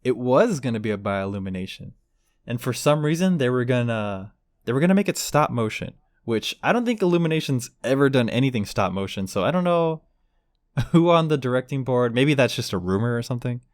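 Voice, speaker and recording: A man's voice: medium pitch, lively intonation, brisk, dry recording, studio quality. A man co-hosting a casual podcast, rambling through a story and acting out the quotes. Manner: rambling, acts out quotes with voices. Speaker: podcast co-host. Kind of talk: casual chat.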